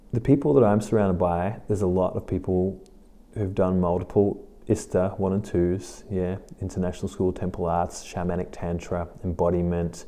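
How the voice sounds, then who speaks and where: A man hosting his own podcast, talking casually in a relaxed, rambling, reflective way. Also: sits low, normal speed. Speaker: podcast host. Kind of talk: casual solo podcast monologue.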